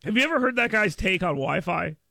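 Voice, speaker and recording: A man's voice: high voice, expressive, a little fast, vocal fry, sharp tone, no room sound. A man hosting a radio talk show, speaking casually into a studio microphone in a rambling, exasperated, self-mocking way.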